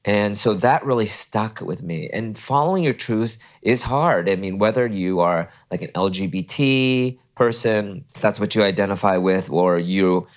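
A man in his forties from California, a podcast guest telling his personal story in an animated way and acting out the people he quotes. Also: normal speed, hardly any pauses. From California, USA. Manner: animated, acts out quoted people with sudden high voices.

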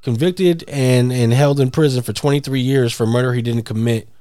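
A man's voice: medium pitch, normal speed, warm tone, no echo, clean studio sound. A man in casual chat, laid-back, telling a story and swearing casually.

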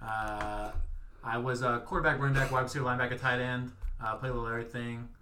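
A young man with a bright, forceful voice co-hosts a sports podcast. He sounds laid-back and hesitant, and faint noise hums behind him. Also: medium pitch, fairly even intonation, fast. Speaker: podcast co-host. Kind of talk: casual sports talk.

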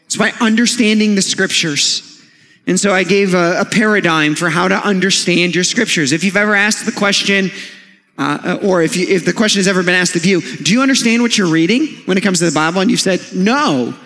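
A man's voice: sits high, a little fast, bright, forceful tone. A man in his thirties preaching a sermon as a pastor, in a conversational storytelling manner with light humor. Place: church sanctuary. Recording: long church hall reverb.

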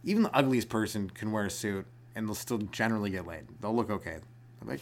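A man's voice: lowish voice, expressive, fast talker, slight background noise. A young man hosting a solo comedy podcast, rambling from joke to joke and acting out little voices.

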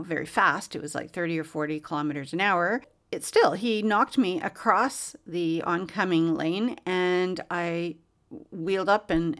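Woman host, gravelly, lower voice, animated personal storytelling. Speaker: podcast host.

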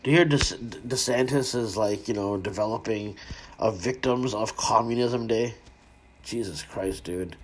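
A man's voice: lowish voice, measured pace, slight background noise. A man hosting a casual commentary stream, ranting in a rambling way with lots of swearing, fillers and restarts.

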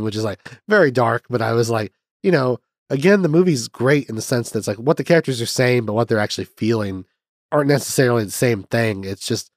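A man's voice: medium pitch, brisk, darkish tone, no echo, clean studio sound. A man casually reviewing a film, rambling with lots of fillers and restarts and the odd swear word.

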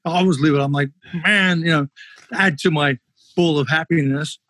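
A man, a former kickboxer, telling fight stories casually on a podcast, animated and swearing freely. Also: on the high side, moderate pace, no room sound. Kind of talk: casual storytelling.

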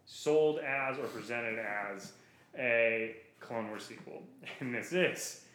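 A man co-hosting a podcast in casual chat, animated and playful, going off on rambling asides. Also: mid-range voice, takes it slowly, a little hiss or hum. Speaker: podcast co-host. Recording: roomy echo. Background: dog heard at times.

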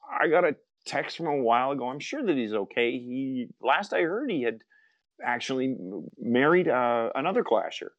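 A man's voice: medium pitch, dry recording. A man hosting a podcast, chatting casually and reminiscing with friends in a rambling way. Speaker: podcast host. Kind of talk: casual group chat.

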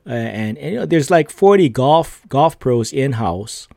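A man hosts his own podcast and tells a loose, rambling story packed with fillers and tag questions. He laughs between lines. His voice is mellow and warm, and the sound is dry with no room echo. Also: mid-range voice, animated, measured pace, gravelly. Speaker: podcast host. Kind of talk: casual storytelling.

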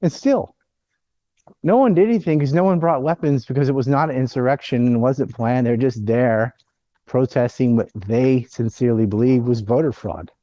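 A man's voice: medium pitch, moderate pace, mellow, no room sound, muffled recording. A man hosting a casual political chat, blunt and opinionated, ranting about the news.

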